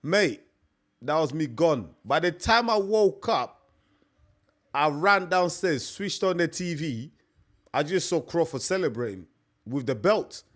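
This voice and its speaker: Young man, higher-pitched voice, casual live-stream chat, rambling and repetitive. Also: lively intonation, measured pace, fairly bright tone. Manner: chatty, repetitive, peppers talk with "mate".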